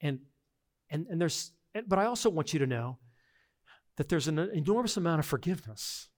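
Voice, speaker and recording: A middle-aged man preaching a sermon as pastor, earnest and emphatic, swinging between hushed reflection and forceful insistence. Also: fairly high pitch, animated, fairly quick.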